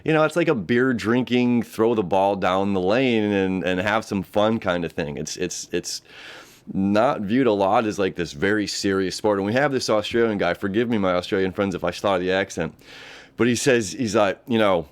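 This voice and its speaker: With a lowish, clean-toned voice at normal speed, this American astrology host rambles through a casual horoscope talk. He repeats himself and laughs frequently, and the audio comes from a camera setup.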